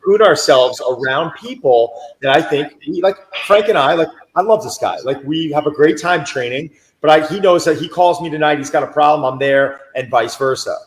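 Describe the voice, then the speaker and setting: A man's voice: on the high side, normal speed, few pauses. A man in casual chat, telling stories with animation and acting out exchanges. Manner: animated storyteller, acts out exchanges. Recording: echoey room.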